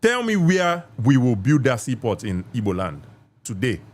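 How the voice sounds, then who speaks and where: A man's voice: medium pitch, very animated, moderate pace. A man with a Nigerian accent hosting a live call-in podcast debate, assertive and lecturing, repeating himself for emphasis. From southeast Nigeria. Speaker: podcast host.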